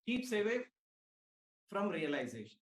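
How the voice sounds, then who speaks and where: High-voiced man explaining calmly. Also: measured pace, roomy sound. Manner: sings devotional verses, then explains calmly. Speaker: class participant.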